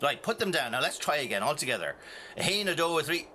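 A man's voice: a little high, fast, slight background noise. A man with a Northern Irish accent telling a folk tale to children, playful and talking straight to his audience. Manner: animated, playful, talks to the audience. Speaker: storyteller. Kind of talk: storytelling to children.

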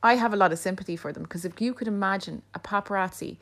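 A woman guest on a radio show, telling pop-culture gossip in an animated, casual way with many fillers. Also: mid-range voice, fast talker. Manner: animated storyteller, lots of fillers.

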